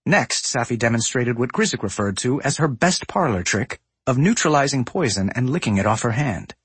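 A man narrating a fantasy story in an expressive, lively storytelling manner. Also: mid-range voice, normal speed, few pauses, husky, dry recording. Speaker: audiobook narrator. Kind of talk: scripted narration.

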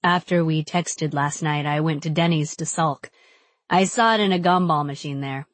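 A woman reading an audiobook and voicing a playful, teasing young man in her own lowered tone. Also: moderate pace, no echo, close to an everyday voice. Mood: sheepish. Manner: teasing, easygoing. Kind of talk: audiobook character voice.

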